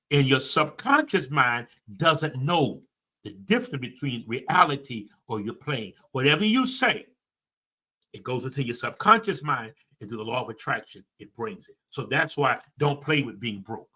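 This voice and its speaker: A man's voice: medium pitch, pushed and bright. A man, a personal development coach giving a preachy, emphatic motivational talk to a livestream audience, speaking folksy and direct.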